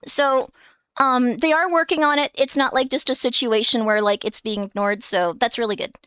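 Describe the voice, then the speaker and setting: With a high, sharp, clean voice at normal speed, this streamer hosts a relaxed live chat from a room at home with her cats. Her talk wanders, packed with filler words and little giggles, on a dry, studio-quality recording.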